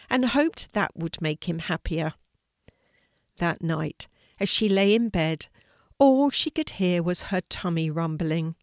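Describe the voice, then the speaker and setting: An older woman telling a children's story aloud, in a gentle, expressive way. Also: lowish voice, dry recording, clean studio sound.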